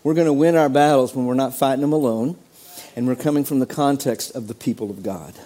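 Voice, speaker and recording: A man preaching a sermon as pastor, animated, acting out quoted voices with sudden jumps in pitch. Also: a little fast.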